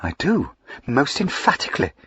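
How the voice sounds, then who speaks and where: A man reading aloud, voicing a proud, indignant young Georgian lady in a raised, crisp, haughty voice. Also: mid-range voice, wildly swooping pitch, moderate pace, fairly bright tone, dry recording, highs cut off, pitched above the performer's own voice, exaggerated voice. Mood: firm.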